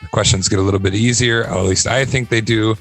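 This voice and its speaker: A man's voice: lowish voice, steady tone, quick pace, faint music behind. An upbeat man from Ohio hosting a casual podcast chat, laughing often. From Northern Ohio. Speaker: podcast host.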